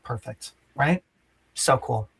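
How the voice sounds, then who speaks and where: A man's voice: medium pitch, animated, slow pace, creaky, fairly bright tone, breathy edge. A man hosting a film podcast, chatting casually and enthusiastically, often tagging "right?" onto his points. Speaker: podcast host. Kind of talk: casual chat.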